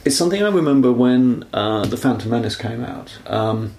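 A man's voice: mid-range voice, animated, moderate pace, creaky, a little mellow, reverberant. A man co-hosting a casual film podcast, rambling and correcting himself as he talks. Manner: rambling, self-correcting, apologetic about being nerdy. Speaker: podcast co-host.

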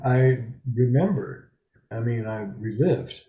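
Recorded in a small bedroom study, this seventies-aged male psychotherapist gives a frank, emphatic interview and doesn't hold back on swearing. He talks slowly with lively intonation in a mellow, medium-pitched voice, and the audio is dull and reverberant.

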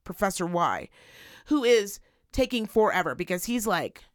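Female co-host, profane and animated, swings her pitch widely, dry close mic. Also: normal speed, dry recording. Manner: animated, profane, acts out voices. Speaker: podcast co-host. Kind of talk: casual chat, storytelling rant.

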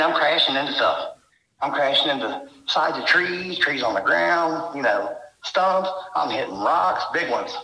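A man's voice: medium pitch, pushed and bright, echoey room, rough recording. A man telling of his frightening encounters as a guest, rambling and intense, packing his story with filler phrases. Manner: rambling, intense, full of "you know". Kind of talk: emotional first-person storytelling.

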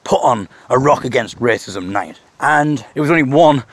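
A man's voice: mid-range voice, animated, normal speed. A man hosting his podcast, telling a rambling, self-mocking story in a casual monologue with chuckles. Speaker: podcast host.

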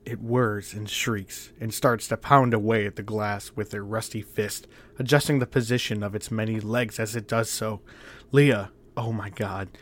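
A man narrating a first-person horror story in a measured, tense, often quiet way. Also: on the low side, fairly even intonation.

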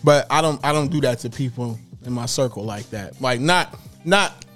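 A man's voice: medium pitch, animated, moderate pace, fairly bright tone, soft background music. A man chatting casually with friends, telling stories animatedly with heavy slang and profanity. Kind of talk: casual chat among friends.

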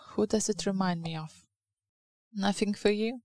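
Gravelly-voiced woman preaching with a Lithuanian accent. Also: medium pitch, slow pace, darkish tone, no room sound. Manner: conversational preaching with rhetorical questions and acted-out quotes. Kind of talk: sermon.

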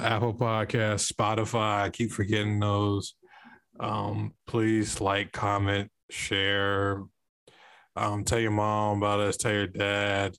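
Low-voiced guy hosting a chill podcast, cracks jokes, dry close sound. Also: vocal fry, fairly bright tone, smooth, no room sound. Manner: joking, laughs often, loose and profane. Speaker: podcast host. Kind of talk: casual podcast chat.

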